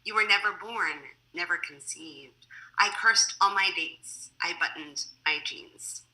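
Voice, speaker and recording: A woman poet reads her work over a video call in a measured, deliberate way, her lowish voice carrying a bright, cutting edge. Between poems she turns chatty and laughs easily. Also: rough recording. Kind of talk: poetry reading with casual asides.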